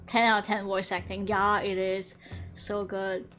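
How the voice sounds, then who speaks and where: A young woman streamer chatting casually over a game, excitable and gushing, swearing freely. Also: medium pitch, measured pace. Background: faint game music.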